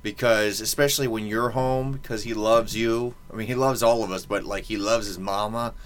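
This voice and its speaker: A man's voice: lowish voice, steady tone, moderate pace. A man hosting a podcast in casual chat, rambling and joking with many fillers. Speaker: podcast host.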